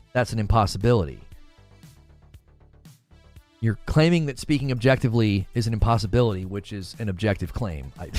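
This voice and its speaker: A man hosting a gaming commentary show, talking casually with his live chat and arguing his point animatedly, often restarting his sentences. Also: mid-range voice. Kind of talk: casual livestream talk, answering chat.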